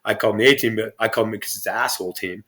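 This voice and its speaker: A man's voice: on the low side, rapid-fire, bright, forceful tone. A man guest on a podcast interview, telling stories in a rambling, profane way with many restarts. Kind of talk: casual storytelling interview.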